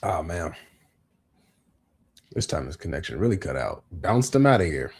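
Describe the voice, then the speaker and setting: A man's voice: low-pitched, very animated, normal speed, darkish tone, husky. A male host of a livestream, reacting in an upbeat way and reading out viewer messages.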